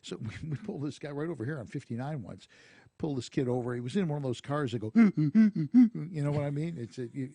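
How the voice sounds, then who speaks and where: A man hosting a radio talk show, telling a police story in a lively, laughing way. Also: medium pitch, vocal fry, no echo. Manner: storytelling, animated, laughs often. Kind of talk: casual radio chat, anecdote telling. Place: radio studio.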